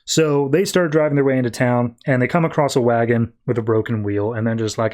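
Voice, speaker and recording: A man on a podcast casually recapping a comic book plot, rambling with lots of fillers and quick offhand quotes. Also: mid-range voice, fairly even intonation, darkish tone.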